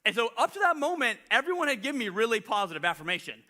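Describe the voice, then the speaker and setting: A man's voice: very high-pitched, very animated, rapid-fire, bright, forceful tone. A man giving a conversational sermon, telling a self-deprecating story full of "like" fillers. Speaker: pastor.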